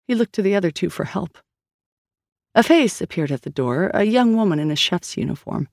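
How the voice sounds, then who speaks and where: Audiobook narrator, woman, steady even read; dry close mic. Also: on the low side, fairly quick, gravelly, no echo. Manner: steady storytelling reading. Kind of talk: scripted narration.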